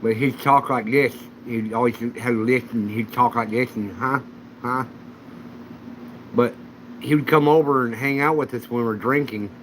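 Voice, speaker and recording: A man's voice: mid-range voice, moderate pace, a little hiss or hum, poor audio. A man hosting a casual livestream chat, telling rambling anecdotes. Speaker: channel host.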